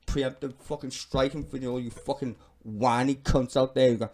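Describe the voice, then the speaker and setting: A man's voice: mid-range voice, fairly even intonation, normal speed, darkish tone. A British man giving profane, scornful reaction commentary on his own channel. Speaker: YouTube commentator.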